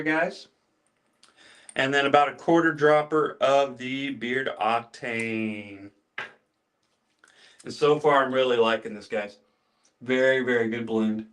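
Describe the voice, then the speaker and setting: A man with a mid-range voice and a fairly bright tone hosts a casual livestream. He chats with his audience while demonstrating beard care, greets viewers by name, and tends to repeat his phrases.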